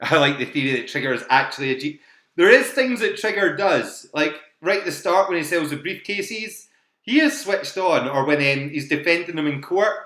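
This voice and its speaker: A man with a slightly high, bright, forceful and expressive voice speaks at a moderate pace in an echoey room at home. He hosts a live online quiz, chatting and laughing often as he repeats every question and its options.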